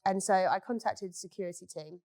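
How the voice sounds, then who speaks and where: A woman's voice: medium pitch, fairly quick, a little mellow, no echo. Blunt, swearing woman. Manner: blunt, swears freely, storytelling. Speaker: beauty business owner. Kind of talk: candid casual chat.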